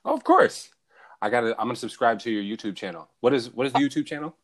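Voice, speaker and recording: A man's voice: mid-range voice, expressive, quick pace, no echo, studio quality. A man hosting a podcast, chatting casually and joking around with a guest, swearing freely. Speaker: podcast host. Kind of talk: casual interview chat.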